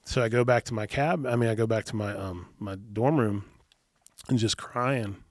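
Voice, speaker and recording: A man's voice: on the low side, moderate pace, no echo, clean studio sound. A man, a podcast guest, earnestly telling a personal story in a casual interview, often restarting and repeating words. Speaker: podcast guest, youth minister.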